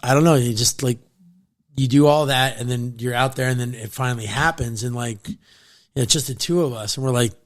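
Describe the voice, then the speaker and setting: A man's voice: medium pitch, brisk. Man swapping fishing stories, laughing. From New Jersey. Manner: animated, laughing often, trails off mid-sentence. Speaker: podcast guest. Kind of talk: casual fishing storytelling.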